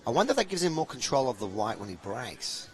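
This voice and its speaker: Eager pool commentator. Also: male voice, medium pitch, very animated, fast. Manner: eager, promoting the stream, long explanations. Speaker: pool commentator and stream host. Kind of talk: live sports commentary.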